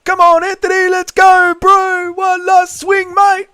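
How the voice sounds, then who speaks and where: A man putting on a rowdy, high-voiced New Zealand fan with a New Zealand accent, shouting encouragement. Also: completely flat delivery, unhurried, heavily acted. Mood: hyped. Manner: hyped, egging on, shouty.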